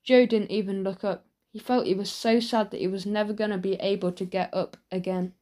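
A woman narrating a children's audiobook with expressive storytelling. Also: medium pitch, a little fast. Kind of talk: scripted narration of a children's book.

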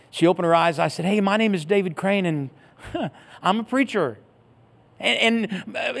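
A man's voice: high voice, a bit bright. A middle-aged man pastor telling a story in a sermon, acting out the voices he quotes, then leading a prayer.

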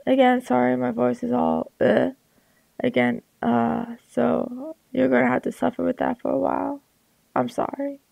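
A woman's voice: high-pitched, little pitch movement, a little slow, darkish tone, no room sound. Crackly-voiced young woman, rambling chat. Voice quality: crackly, gravelly voice. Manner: rambling, many fillers and restarts. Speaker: artist vlogger. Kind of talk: rambling casual talk over a drawing. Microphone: headset.

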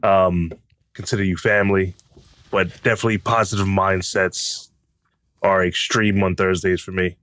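Male co-host, deep, bright-edged voice, lively and teasing. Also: moderate pace, no room sound. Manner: upbeat, teasing and warmly enthusiastic. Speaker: podcast co-host. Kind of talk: casual conversational podcast chat.

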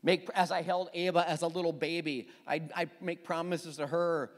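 A middle-aged man preaching a sermon as pastor, telling the story with lively restarts and repeated words. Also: a little high, normal speed, big-room sound. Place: church hall.

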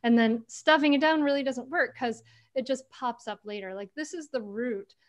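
Woman author on a zoom call, higher voice, animated, laughs a lot. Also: normal speed. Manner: lively, animated storyteller, laughs often. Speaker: author and parenting guest. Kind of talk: casual video call interview. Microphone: video call.

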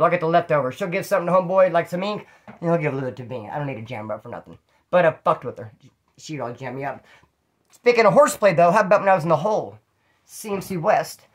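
A man's voice: on the high side, fairly bright tone. A man who served time, telling his own prison stories in a rambling, profane way full of street slang. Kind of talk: casual spoken storytelling.

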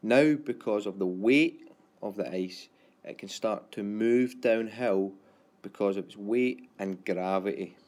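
A man teaching a geography lesson in a self-described monotone. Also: fairly low pitch, measured pace.

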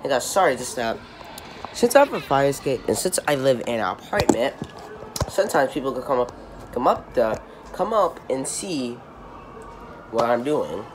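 A man's voice: mid-range voice, sing-song, fairly quick. Rambling young man with a noisy background. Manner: rambling, repetitive, self-correcting. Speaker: reaction video host. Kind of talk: casual video reaction. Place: apartment room. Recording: noisy home recording.

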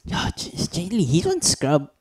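A man's voice: a little high, wildly swooping pitch, a little slow, a little mellow, slightly rough, full character voice. A man doing a trash-talking kung fu champ. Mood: boastful taunting. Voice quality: broken English, trash-talking, taunting. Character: boastful foul-mouthed martial-arts champ, adult man, picks fights. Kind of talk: comedy impression skit.

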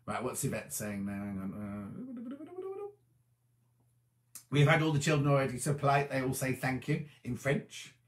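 A man's voice: medium pitch, sing-song, measured pace, roomy sound. A tired man hosting a casual live-stream chat, rambling as he answers viewers' comments. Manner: chatty, rambling, reads comments aloud and answers them. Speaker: host.

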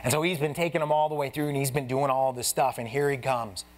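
A fast-talking pastor with a medium-pitched voice preaches an expository sermon in a church sanctuary. He teaches in a chatty, casual way, speaking to the congregation like friends and acting out Bible characters in lively voices.

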